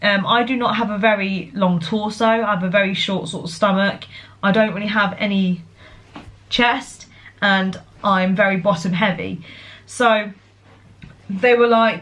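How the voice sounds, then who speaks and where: An excitable young woman, talking casually straight to her viewers. She is chatty, with a middle-pitched voice, and her speech is full of fillers and self-corrections. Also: unhurried. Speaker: vlogger. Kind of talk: casual chat.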